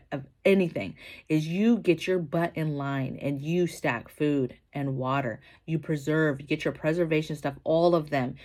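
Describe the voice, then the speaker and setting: Lady prepper vlogging, kinda low voice, emphatic, keeps saying right?. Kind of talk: casual opinion vlog.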